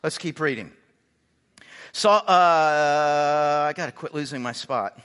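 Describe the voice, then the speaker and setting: A man preaching a sermon as a pastor, emphatic and slowing down to stress his points, often repeating words and restarting. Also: on the high side, fairly bright tone, clear, resonant tone, in a large hall. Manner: frequent word repeats and restarts. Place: church sanctuary.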